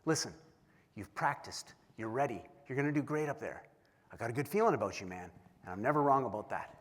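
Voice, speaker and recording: A man doing a calm, reassuring veteran comedian. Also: medium pitch, brisk. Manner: easygoing, reassuring. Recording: long hall reverb.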